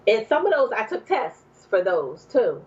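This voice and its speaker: Brief: woman guest, from New Jersey, lively storyteller full of "um" and "like", slightly muffled recording. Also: a little high, a little slow. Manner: animated, acts out quoted speech, many fillers. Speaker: podcast guest. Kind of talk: personal storytelling.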